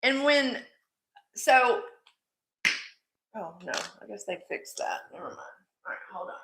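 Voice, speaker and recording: A woman's voice: fairly high pitch, animated, takes it slowly, a bit bright, reverberant, slight background noise. A woman hosting a live jewelry sale stream, chatty and affectionate with her viewers, calling them sweetie. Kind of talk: live-stream selling chat.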